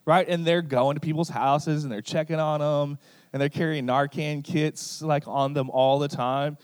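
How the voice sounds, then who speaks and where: A man's voice: fairly high pitch, fairly even intonation, normal speed, a little mellow, no room sound. A man preaching a sermon in a conversational way, often asking his listeners "right?" and acting out short quoted exchanges. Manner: illustrative, acts out quoted exchanges.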